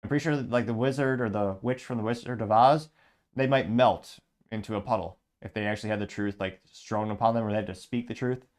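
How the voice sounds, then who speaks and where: A man's voice: lowish voice, fast. A man hosting a commentary show, reading comments aloud and adding sarcastic, rambling asides. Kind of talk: casual commentary reading social media comments.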